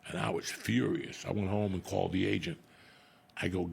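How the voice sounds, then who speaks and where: A middle-aged comedian podcast host tells a story in loose, profane chat at normal speed. His voice is low, rough and gravelly with a husky edge, and he talks bluntly with plenty of animation.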